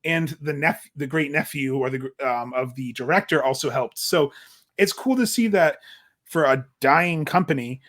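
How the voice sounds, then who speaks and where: A young man with a slightly high voice co-hosts a podcast. He talks in a lively, animated way and keeps slipping into put-on voices to act out what others said. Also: moderate pace. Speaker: podcast co-host. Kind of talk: casual chat.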